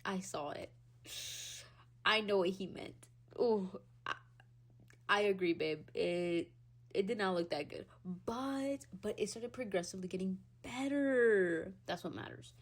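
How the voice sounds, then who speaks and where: Young woman podcaster ranting, casual and animated, swears a lot, laughs a lot, middle-pitched voice. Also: a little slow. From Hispanic background. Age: young adult. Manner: animated, swearing, laughs often, big swings in pitch and loudness. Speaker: podcast host. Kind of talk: casual solo rant.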